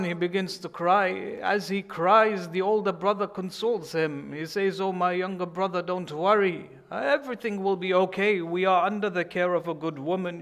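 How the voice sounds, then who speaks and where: A man preaching in a mosque, telling a tragic story in a mournful sermon, moving from hushed tones to loud, slow, pleading lines. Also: fairly high pitch. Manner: tells a tragic story, quiet at first, growing louder and slower.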